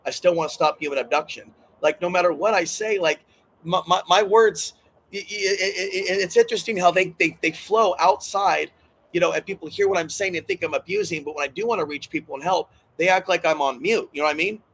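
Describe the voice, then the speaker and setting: His voice is high, brisk, husky and fairly bright, captured on a rough recording. The channel host rambles alone at his camera, agitated and emotional, repeating himself, swearing and clearly hurting.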